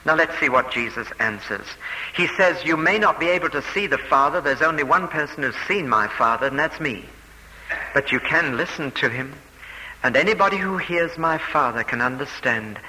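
A man's voice: fairly high pitch, expressive, normal speed, sharp tone, long reverb tail, rough recording. A man preaching a sermon, explaining a passage step by step with emphatic repetition and quoted speech.

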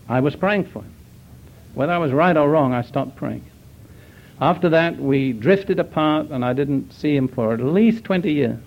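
An older man who grew up in Britain, preaching in an earnest, measured way as he tells a story, with deliberate pauses. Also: a little high, vocal fry. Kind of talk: sermon storytelling. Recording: dull lo-fi recording.

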